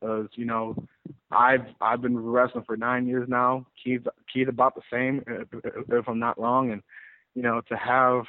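A man who wrestles, telling stories in a rambling, animated way in a casual interview. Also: mid-range voice, measured pace. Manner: rambling, animated storyteller with many restarts. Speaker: pro wrestler guest. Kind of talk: casual interview over the phone. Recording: tinny phone line.

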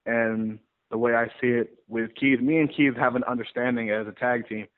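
A man who wrestles, telling stories in a rambling, animated way in a casual interview. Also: mid-range voice, moderate pace. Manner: rambling, animated storyteller with many restarts. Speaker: pro wrestler guest. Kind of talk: casual interview over the phone. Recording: tinny phone line.

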